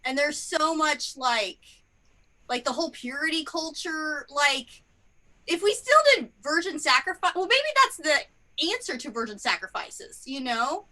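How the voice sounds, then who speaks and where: High, lively woman rambling on stage. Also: unhurried. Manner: rambling, self-deprecating, filler-heavy. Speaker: improv comedian. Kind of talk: improvised stand-up. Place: theatre stage.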